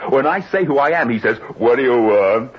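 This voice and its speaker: A man's voice: medium pitch, animated, a little fast, breathy edge. An actor playing a weary, pragmatic male garment business partner in a 1970s radio drama, dry and wisecracking. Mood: exasperated. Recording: dull lo-fi old radio broadcast.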